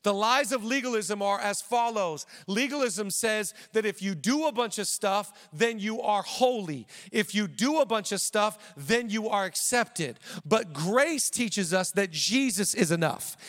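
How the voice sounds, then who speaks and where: A man preaching a sermon as pastor, animated, with quick asides and playful asides to the crowd. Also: sits high. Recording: long hall reverb.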